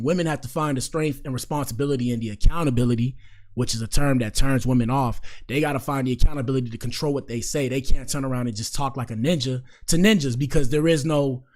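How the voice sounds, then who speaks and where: A man's voice: medium pitch, darkish tone. A young man hosting casual reaction commentary, talking in a conversational, opinionated way and repeating his points. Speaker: commentary host.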